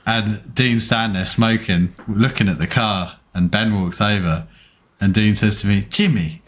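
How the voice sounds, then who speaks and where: A man from England, a guest on a podcast, telling crude anecdotes in relaxed casual chat. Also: on the low side, a little slow. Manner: laid-back, crude anecdotes.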